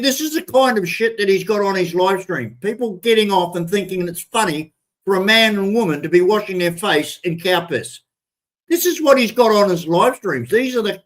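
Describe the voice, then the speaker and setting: A man's voice: high voice, rough recording. An older Australian man with an Australian accent, hosting a live stream and ranting bluntly with profanity, often stumbling and restarting his words. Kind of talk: ranting commentary.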